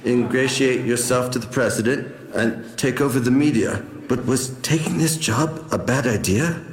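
A man's voice: medium pitch, normal speed, echoey room, in a large hall, voice pushed down, close to an everyday voice. A man voicing a pompous, scheming evil-genius villain in a gloating monologue from a comedy sketch.

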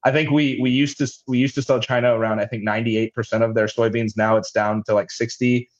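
A man's voice: medium pitch, flat delivery, a little fast, muffled recording. A man, head of a logistics company, explaining things in a businesslike way as an interview guest. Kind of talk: interview answers.

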